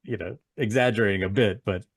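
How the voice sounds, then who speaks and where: A man's voice: on the low side, fast talker, slightly rough, no echo, clean studio sound. A man hosting a casual music podcast, eagerly retelling band stories and laughing often. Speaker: podcast host. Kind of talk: casual chat.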